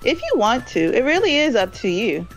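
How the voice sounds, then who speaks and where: A woman's voice: fairly high pitch, sing-song, fairly quick, faint music behind, low-quality recording. A woman on a voice chat, patiently walking a friend through game settings. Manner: explaining game mechanics patiently. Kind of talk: casual gameplay talk.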